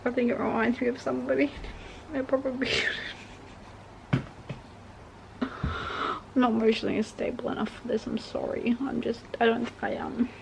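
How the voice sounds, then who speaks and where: A woman's voice: on the high side, little pitch movement, normal speed, vocal fry, pauses often, noisy background. A young woman chatting casually and emotionally as she reacts to an album, gushing about the songs. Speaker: vlogger reacting to music. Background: pop music playing.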